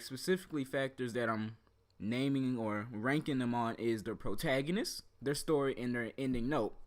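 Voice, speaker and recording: Raspy young man with lively slangy talk. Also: mid-range voice. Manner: slangy, rambling, full of "like" and "bro". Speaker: anime YouTuber. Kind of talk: casual vlog commentary.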